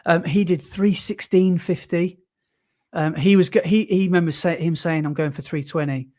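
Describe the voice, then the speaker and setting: A man from the UK talks casually on a podcast, rambling with fillers and quick restarts. His voice sits a little high for a man. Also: fairly even intonation, darkish tone. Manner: chatty, enthusiastic, many fillers and restarts. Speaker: podcast co-host. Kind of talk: casual chat.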